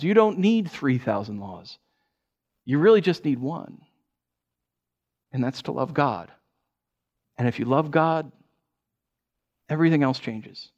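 A middle-aged man giving a sermon as a pastor, telling stories with animated energy, acting out scenes with sound effects and often restarting his phrases. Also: on the high side. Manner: repeats words, restarts phrases.

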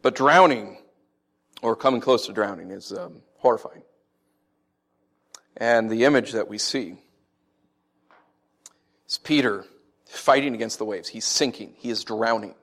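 A man preaching a sermon who tells stories with animated swings, then teaches in an earnest, conversational way. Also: measured pace, long pauses. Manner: animated storytelling, lively swings in pitch and loudness. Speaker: pastor.

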